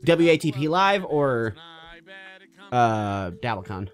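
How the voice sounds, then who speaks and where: A man's voice: medium pitch, takes it slowly, faint music behind. A man streaming a game and chatting loosely with a friend on a voice call, with hesitant restarts. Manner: relaxed, hesitant, many "uh" and restarts. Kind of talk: casual voice-chat while gaming.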